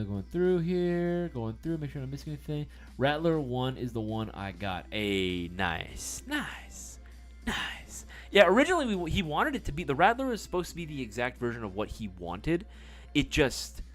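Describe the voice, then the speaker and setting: A man hosting a casual live-stream sales chat, playful and quick to swear. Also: fairly high pitch, big pitch swings, soft background music.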